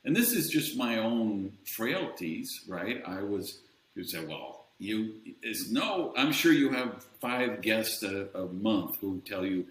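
A man's voice: fairly low pitch, lively intonation, slow. A man speaking as an interview guest, candid and self-deprecating, mocking other voices now and then. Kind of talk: casual interview chat. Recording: roomy echo.

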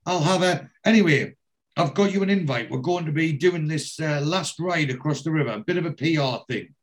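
A man's voice: on the high side, fairly quick, natural voice. A man voicing a flustered, henpecked middle-aged husband who stammers apologies.

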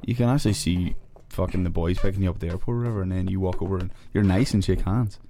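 A man's voice: sits low, racing. An Irish man, a guest on a podcast, telling stories in casual chat and swearing constantly. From Ireland. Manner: swears constantly, animated storytelling.

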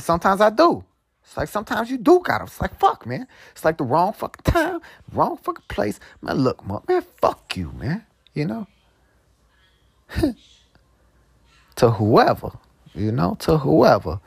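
A man in a casual monologue, swearing freely and leaning on street slang and filler asides. His voice sits at a middle pitch, and he drifts between a slow drawl and sudden quick bursts of storytelling. The sound is dry and close, with no room around it. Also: gravelly, breathy edge, no echo. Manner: drawls slowly, then bursts into fast heated storytelling. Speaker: host.

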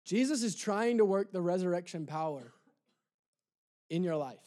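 A man preaching a sermon in church, impassioned and repetitive, dropping soft for emphasis. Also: high-pitched, animated, normal speed. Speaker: pastor.

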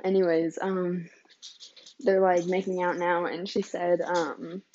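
A woman's voice: fairly low pitch, flat delivery, takes it slowly, darkish tone, highs cut off, a little hiss or hum. A young woman vlogging, telling rambling stories in a casual, giggly way with lots of fillers. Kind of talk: casual storytelling chat.

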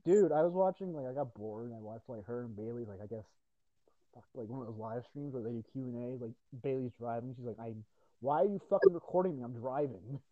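A man's voice: mid-range voice, fast talker, no room sound. A young man from New Jersey, chatting casually on a podcast, swearing a lot and laughing through his rants. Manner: profane, laughing, ranting. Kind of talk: casual chat. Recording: dull lo-fi dry sound.

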